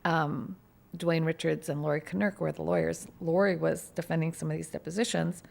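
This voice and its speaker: A woman lawyer co-hosting a podcast, telling stories in an animated, vivid way. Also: sits low, a little fast, vocal fry. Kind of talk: casual storytelling chat.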